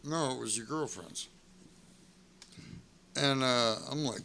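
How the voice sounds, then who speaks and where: Speaking slowly in a gravelly, mid-range voice, this ex-wrestler in middle age swaps road tales over a faint hiss or hum. He's a lively, foul-mouthed storyteller who performs the quotes as he goes.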